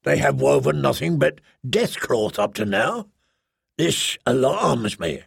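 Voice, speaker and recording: A man voicing a stern, menacing male commander who booms his threats and speaks with contempt. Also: sing-song, slow, vocal fry, slightly rough, no room sound, studio quality, exaggerated voice.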